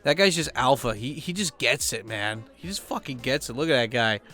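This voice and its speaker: A YouTuber speaking at home in a casual talking-head chat, rambling and profane with plenty of fillers. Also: male voice, mid-range voice, expressive, fairly quick, pushed and bright.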